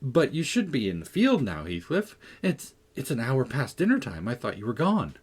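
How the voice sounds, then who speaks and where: A man voicing Catherine, a petulant and irritable teenage girl, with a husky voice, in a character voice for an audiobook. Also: mid-range voice, wildly swooping pitch. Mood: evasive. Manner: peevish, pouting, quick sharp demands.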